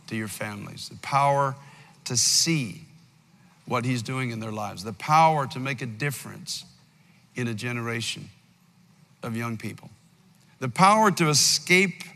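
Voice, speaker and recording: A man in his sixties preaching a sermon as pastor, with passionate swings between loud climaxes and quiet pleading. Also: medium pitch, big-room sound. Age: 60s. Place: large church hall.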